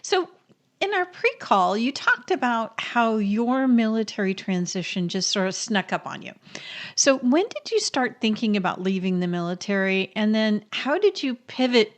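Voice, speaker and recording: A woman's voice: mid-range voice, animated, moderate pace. A woman co-hosting a podcast, reflecting on the story and then asking a question. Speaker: podcast co-host. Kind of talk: interview questions.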